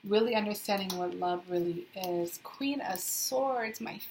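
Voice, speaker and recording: A woman's voice: medium pitch, a little slow, a little mellow, slight background noise, low-quality recording. A young woman giving a casual tarot reading to her viewers, chatty and sassy, with playful asides. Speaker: tarot reader. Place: indoors in a hot, humid city flat.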